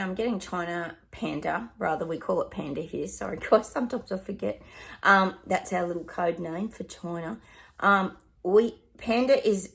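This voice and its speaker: A middle-aged Australian woman, a psychic medium, rambles through predictions on a casual livestream, dropping plenty of ums and side remarks. Her voice is lowish with vocal fry.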